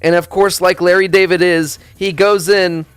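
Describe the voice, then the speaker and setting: A man streaming, chatting casually in a rambling, profane, animated storytelling way. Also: sits high, moderate pace, clean tone.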